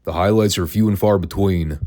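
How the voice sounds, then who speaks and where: A man with a very low, deep voice hosts his own podcast alone. He talks in a relaxed, conversational way, with a dry, sarcastic edge. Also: a little fast. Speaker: wrestling podcast host. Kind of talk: casual commentary, solo podcast.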